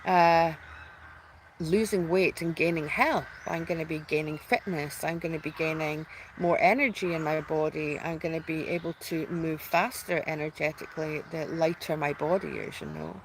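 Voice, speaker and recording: A woman's voice: low voice, normal speed, a little hiss or hum, rough recording. A woman hosting her own spiritual channel, talking in a heartfelt, rambling way full of restarts and fillers, close to tears at times. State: tearful at times. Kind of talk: emotional personal announcement.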